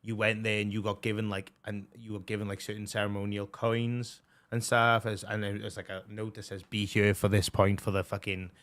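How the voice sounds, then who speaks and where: A young man chatting casually as a streamer, excitable and swearing a lot, with plenty of fillers. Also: on the low side, fairly quick, hardly any pauses. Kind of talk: casual chat.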